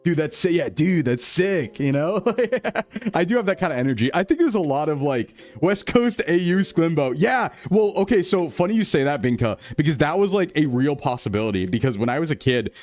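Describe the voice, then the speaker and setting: A New England man streams live, chatting casually with his chat and thanking viewers. His brisk, upbeat delivery often leaps high with excitement.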